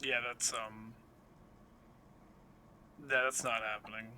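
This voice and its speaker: Sharp-voiced man player. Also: medium pitch, slow, a little hiss or hum. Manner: relaxed, joking. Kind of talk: casual game chat.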